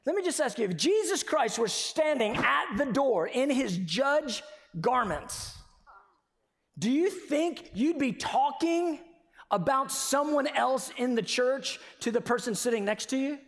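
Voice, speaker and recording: A man preaching a sermon with passion, moving from quiet, conversational stretches to sudden shouted emphasis. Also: extremely high pitch, lively intonation, unhurried. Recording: long reverb of a large hall.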